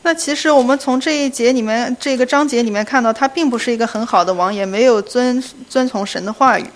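A woman with a fairly high voice works quickly through a sermon, interpreting it phrase by phrase into Chinese. She keeps a steady pace and stays close behind the preacher.

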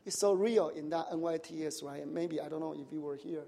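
Male pastor, high voice, sermon with questions to the room, tags like "right?", nonnative grammar, big hall reverb. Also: fairly quick, gravelly, dark tone.

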